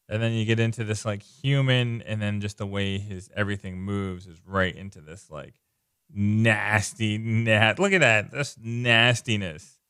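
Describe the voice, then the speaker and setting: A man casually walking through comic book pages, excited and loose, leaning on "like" and repeating himself. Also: medium pitch, smooth, no echo, clean studio sound. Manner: enthusiastic, loose, repeats words, lots of "like". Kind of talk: casual page-by-page comic commentary.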